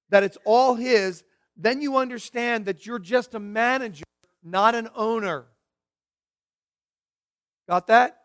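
A pastor preaching a sermon in an earnest, questioning way, often stumbling and repeating his words. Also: sits high.

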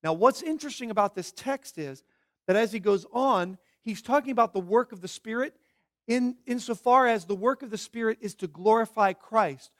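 A preacher with a very high voice delivers a sermon. He works through his points one by one and hits key words hard. Between those stresses he drops to hushed, searching questions. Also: normal speed. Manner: emphatic, swinging from shouted stresses to hushed questions; teaching in numbered points. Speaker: pastor.

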